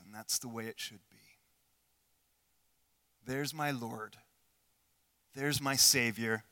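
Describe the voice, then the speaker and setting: A man preaching a sermon in an earnest way, asking the listeners questions and swinging between loud passages and hushed ones. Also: medium pitch. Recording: long hall reverb.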